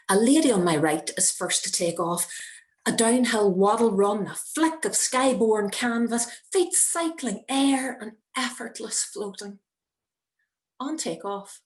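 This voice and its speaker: A middle-aged woman tells her story slowly and deliberately. Her tone is wry, and she lets dramatic pauses land. She speaks from home over a video call. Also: medium pitch. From Northern Ireland. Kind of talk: personal story reading. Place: home, indoors.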